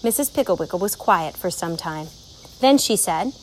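A woman narrating a children's storybook aloud in a clear, measured way. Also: lowish voice, lively intonation, poor audio.

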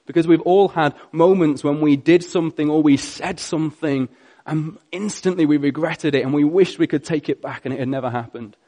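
A male preacher delivers an earnest storytelling sermon. His voice sits a little high for a man and swings from loud passages to hushed ones. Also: fairly quick.

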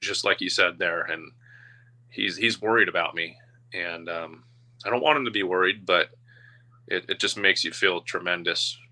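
A man in his thirties, a guest telling a personal story in an open, emotional and halting way. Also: low-pitched, pushed and bright.

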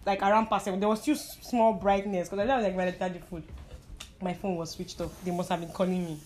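Fast-talking Nigerian woman telling stories. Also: fairly low pitch. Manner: lively storyteller, mixes in pidgin, laughs often. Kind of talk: casual storytelling chat. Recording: crowd chatter in the background.

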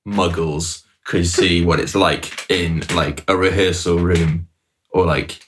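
A man's voice: deep voice, fairly even intonation, slow, a little hiss or hum. A man co-hosting a casual chat, talking loosely with constant filler words.

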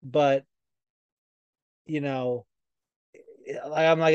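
A young man hosts a podcast, his voice a little high. He chats casually and swears freely. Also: moderate pace, no echo. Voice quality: profane, animated storytelling. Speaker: podcast host. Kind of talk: casual chat.

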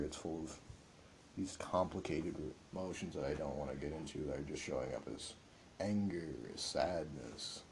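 A young man hosts his own podcast, speaking alone in an earnest, meandering way full of filler words. His voice sits very low with a gravelly fry and a dark, mellow tone. Faint background noise hums under the recording. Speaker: podcast host. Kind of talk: reflective solo podcast monologue.

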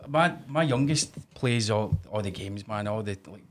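A middle-aged Glaswegian man in casual podcast chat, telling sweary, animated stories about his kids. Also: on the low side, moderate pace. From Scotland. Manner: sweary, animated storytelling with put-on voices.

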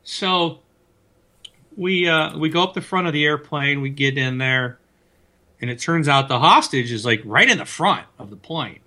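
A man with a very bright, ringing voice, pitched a little above most men, chatting casually on a home desk mic. He tells gaming stories with lots of animation, jumping up in pitch as he acts out the yelling. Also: moderate pace. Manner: animated storyteller, voice rising high when retelling yelling. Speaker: podcast co-host. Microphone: desk mic, loosely mounted.

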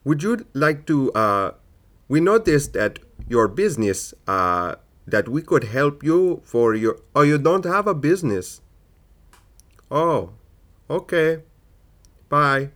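A man voicing a hapless male telemarketer with a put-on Indian accent and halting phone patter. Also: on the high side, big pitch swings, a bit bright, voice pushed up, heavily acted.

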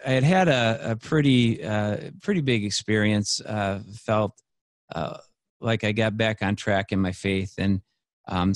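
Gravelly man telling his story. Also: lowish voice, dry recording, studio quality. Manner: rambling and earnest, with frequent fillers and restarts. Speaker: guest. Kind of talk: casual storytelling conversation.

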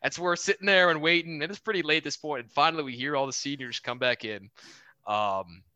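A young man in his twenties, a podcast guest on a remote call, telling an animated story with casual swearing and acted-out quotes. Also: fairly high pitch, fast talker, no room sound. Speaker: podcast guest, Air Force officer.

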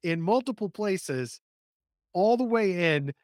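Male host, higher voice that swings widely, dry booth sound, incredulous reactions. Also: expressive, takes it slowly, darkish tone, no echo. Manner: reactive, incredulous, laughs along. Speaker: podcast host. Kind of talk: casual interview.

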